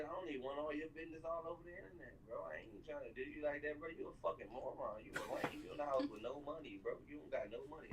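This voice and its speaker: Heated, fast-ranting young man. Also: mid-range voice, slight background noise. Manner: heated, mocking, repeats "bro" constantly; rises into near-shouted outbursts. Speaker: streamer reacting to a video. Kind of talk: ranting live commentary.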